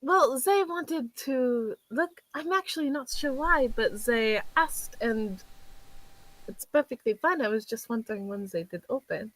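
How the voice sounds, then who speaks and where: Woman voicing a well-mannered noblewoman, polite, a bit unsure, fairly high voice. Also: animated, measured pace, a bit bright, low-quality recording. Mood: gracious. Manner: gracious, slightly hesitant. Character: polite, refined noblewoman customer.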